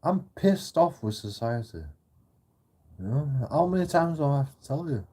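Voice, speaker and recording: Husky man ranting and swearing. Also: fairly high pitch, lively intonation, moderate pace, warm tone. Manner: profane, repetitive ranting. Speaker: channel host. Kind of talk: ranting monologue vlog.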